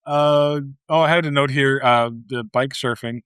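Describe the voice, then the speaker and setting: A man's voice: mid-range voice, steady tone, normal speed, a bit bright, smooth, no echo. A man co-hosting a casual movie podcast, wry, working through his notes. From Canada. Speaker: podcast co-host.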